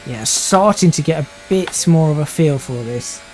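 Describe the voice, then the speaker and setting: A man's voice: fairly high pitch, animated, moderate pace, darkish tone, a little hiss or hum. A man in his twenties streaming a racing sim live, thinking aloud and restarting sentences while he drives. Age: 20s.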